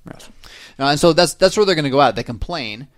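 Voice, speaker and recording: Here a fast-talking man with a slightly high, expressive voice hosts a podcast and casually works through a Bible passage, full of fillers and questions like "right?". The recording is clean studio sound without any room sound.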